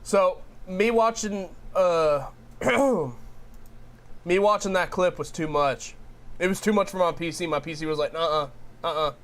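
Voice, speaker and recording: A man's voice: high voice, unhurried. A man streaming and chatting with his viewers, ranting in a rambling way with lots of restarts. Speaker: game streamer. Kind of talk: casual chat with stream viewers.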